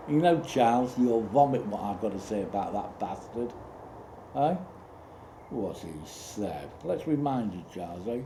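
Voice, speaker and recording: A man with a fairly low voice tells a long rambling personal story. He halts, restarts and suddenly bursts out. Behind him there is a roomy echo and loud outdoor noise with insects. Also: lively intonation. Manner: rambling, halting, with many restarts and sudden outbursts.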